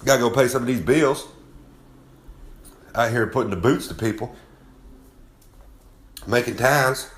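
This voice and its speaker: A man's voice: medium pitch, measured pace, long pauses, fairly bright tone. A man delivering a rowdy, folksy wrestling-promo monologue as a recurring segment host. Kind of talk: brash promo-style monologue.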